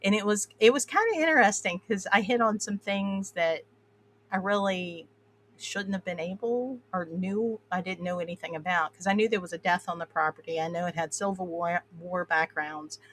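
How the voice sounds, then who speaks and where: A woman's voice: fairly low pitch, moderate pace, fairly bright tone, a little hiss or hum. A woman from the Appalachian Mountains with an Appalachian twang, talking in a rambling way full of fillers. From Appalachian Mountains, USA. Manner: rambling, filler-heavy, laughs often. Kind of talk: casual chat.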